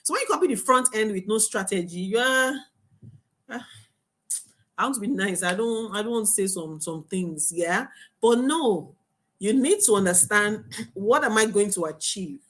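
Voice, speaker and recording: A young adult woman teaching a marketing webinar as a coach, talking in an animated, emphatic way. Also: medium pitch, moderate pace. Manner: animated, emphatic, laughs and acts out students' voices.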